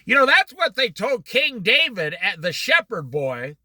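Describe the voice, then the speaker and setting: A middle-aged man teaching an informal Bible study, telling stories with lively quoted voices. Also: high voice, unhurried, dry recording. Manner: animated storytelling with quoted voices.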